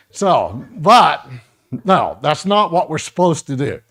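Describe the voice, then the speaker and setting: Gravelly man teaching a first aid class. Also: medium pitch, animated, moderate pace, fairly bright tone. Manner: casual, joking, addresses audience directly. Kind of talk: live workshop teaching.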